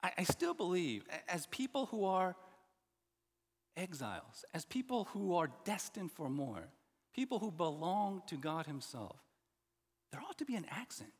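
A middle-aged man preaching a sermon as pastor, earnest and animated, with many restarts and asides. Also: sits high, moderate pace, breathy edge. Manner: animated, earnest, with frequent restarts and "you know". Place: church sanctuary. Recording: long hall reverb.

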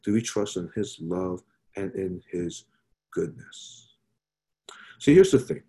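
A man's voice: deep voice, animated, slow pace, warm tone. A man preaching a sermon in an earnest way, asking rhetorical questions and repeating phrases.

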